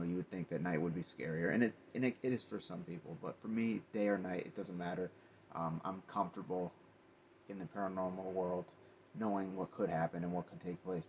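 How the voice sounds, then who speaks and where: Deep-voiced man telling a ghost story. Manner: chatty, animated slang-filled storytelling with restarts. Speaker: paranormal vlogger. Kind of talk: casual storytelling to camera. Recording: dull lo-fi audio with faint noise.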